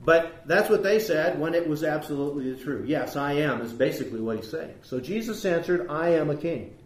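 Male preacher, emphatic sermon delivery, a touch high, echoey space. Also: expressive, fairly quick. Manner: earnest, emphatic, rising on key points. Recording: roomy echo.

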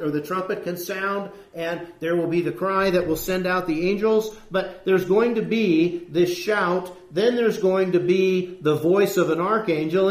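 A man preaching an earnest sermon, slowing down to read scripture and asking rhetorical questions. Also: sits high, reverberant.

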